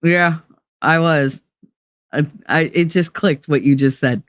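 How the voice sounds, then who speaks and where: A woman's voice: sits low, slow, clear, resonant tone, dry recording, clean studio sound. A middle-aged woman hosting a casual live stream, talking candidly and profanely, laughing often and acting out voices of people she quotes. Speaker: livestream host.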